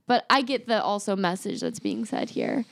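A woman's voice: mid-range voice, huge pitch swings, normal speed, gravelly, no room sound, studio quality. A woman in casual podcast chat, reading answers aloud and commenting, laughing often.

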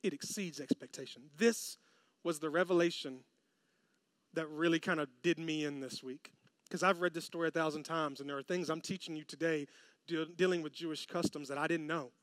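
High, bright-voiced preaching man. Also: no room sound. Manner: conversational preaching with slang, swells to excited loud bursts. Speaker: pastor. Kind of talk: sermon.

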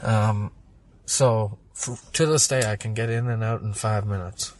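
A man's voice: fairly low pitch, steady tone, measured pace, a little hiss or hum. A man originally from Germany, talking casually as a podcast guest, rambling and swearing through a personal story.

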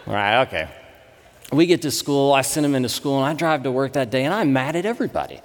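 A man in his thirties, a pastor, giving a sermon with conversational, animated storytelling. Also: medium pitch, fast, a little hiss or hum. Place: church sanctuary. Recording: long reverb in a church hall.

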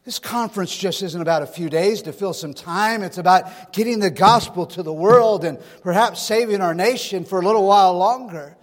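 A man from California preaches to a church crowd, his voice sitting high and carrying a long hall echo. He moves between homely stories and pointed rhetorical questions. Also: moderate pace, hardly any pauses. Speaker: pastor. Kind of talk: sermon.

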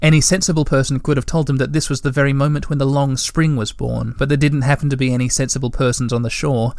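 A man reading a children's storybook aloud in measured, gentle audiobook narration. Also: mid-range voice, level tone, vocal fry, no room sound, clean studio sound.

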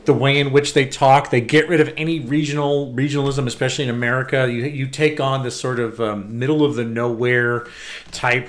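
Male podcast co-host, mid-pitched, rambling and digressive, casual delivery. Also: steady tone, moderate pace. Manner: rambling, digressive with many restarts. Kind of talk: casual chat.

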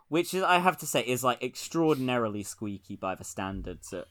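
A man in casual political chat, talking in wry, rambling runs and laughing at his own jokes. His voice sits at an ordinary middle pitch, and he goes off on long tangents that circle back to the point. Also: big pitch swings, a little fast, a bit bright. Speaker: podcast co-host.

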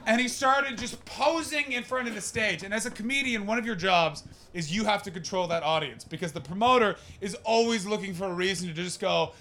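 Male standup comic, bright voice, a bit high, crude rambly storytelling, talks to the crowd. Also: fairly quick, hardly any pauses. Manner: crude, rambling, self-mocking. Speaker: stand-up comedian.

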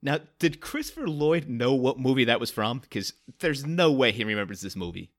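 A man's voice: medium pitch, big pitch swings, moderate pace. A man, a guest on a podcast, telling wry, self-mocking stories about a movie. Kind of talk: casual movie chat.

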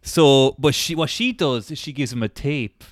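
A man recapping a TV series with a co-host in casual comedic chat, animated and acting out quotes. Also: mid-range voice, moderate pace, no echo. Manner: animated, acts out quotes in different voices.

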